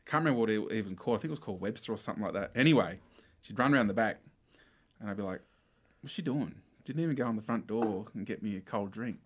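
Laid-back Australian man, low voice. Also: very fast, slightly rough. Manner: relaxed storytelling with slang and laughs. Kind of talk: casual chat.

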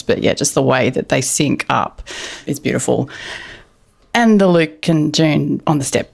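A woman's voice: low voice, gravelly. A woman hosting a podcast, chatting casually and laughing often, a little emotional. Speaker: podcast host. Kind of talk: casual chat.

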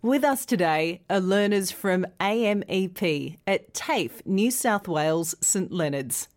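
A woman's voice: mid-range voice, expressive, slow pace. A woman presenting a pronunciation lesson, carefully modelling words for learners to repeat. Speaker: English pronunciation teacher.

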